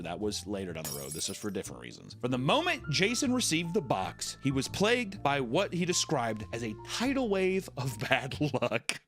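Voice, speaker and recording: A man hosting a comedy podcast, telling a story with jokes and silly voices. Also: medium pitch. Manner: animated, jokey, swings into silly voices. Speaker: podcast host.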